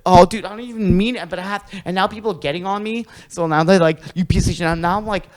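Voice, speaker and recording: A man's voice: high-pitched, fast talker, poor audio. A man talking casually on a podcast, ranting animatedly and swearing a lot. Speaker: podcast host.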